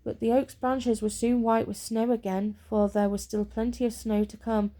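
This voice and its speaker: Soft-spoken woman reading a storybook aloud. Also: on the high side, flat delivery. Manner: slow and soothing.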